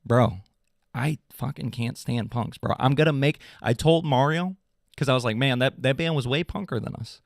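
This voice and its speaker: A young adult man, a podcast host, ranting in an animated, casual, swearing way. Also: normal speed, creaky, dry recording, studio quality. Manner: animated, swearing, mocking voices in high pitch. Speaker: drummer in a pop punk band. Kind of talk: casual comedic rant.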